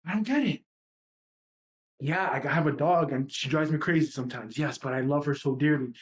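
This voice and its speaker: Speaking at a normal pace in a low-pitched voice, a woman hosting a livestream delivers a fiery rant. She swears freely and keeps throwing out rhetorical questions.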